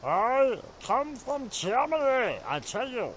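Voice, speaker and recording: A man doing a slow, solemn mock impression of a singer. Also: very high voice, very animated, a bit bright, a little hiss or hum, pitched above the performer's own voice, exaggerated voice. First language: Danish.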